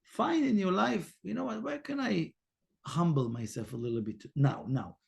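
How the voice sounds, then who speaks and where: A man giving a Torah portion lesson, emphatic and repetitive, swinging from loud urging to hushed, near-whispered asides, halting now and then on fillers. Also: high voice, expressive, vocal fry, husky. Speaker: spiritual teacher.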